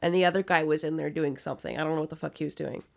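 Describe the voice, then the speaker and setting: A young woman with a low, gravelly voice, chatting casually on a podcast. She tells stories bluntly and swears a lot as she goes. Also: very fast, darkish tone. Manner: blunt, swears freely, storytelling. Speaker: podcast co-host. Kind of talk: casual chat.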